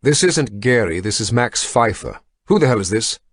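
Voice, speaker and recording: A man's voice: medium pitch, sing-song, moderate pace. A man reading an audiobook, voicing a powerful older industrialist who growls angrily over a phone line. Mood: furious. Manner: growling, blunt, swearing.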